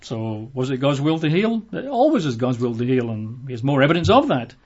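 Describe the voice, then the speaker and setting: A man's voice: medium pitch, big pitch swings, brisk, darkish tone, breathy edge. Conversational male preacher, lo-fi sound. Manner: conversational, acts out quoted voices. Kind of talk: sermon. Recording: dull lo-fi recording.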